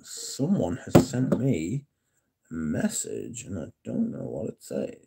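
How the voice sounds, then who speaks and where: A man hosting a casual livestream, reading and answering chat in a relaxed, yawning way. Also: deep voice, slow pace, vocal fry, heavy background noise. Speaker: livestream host.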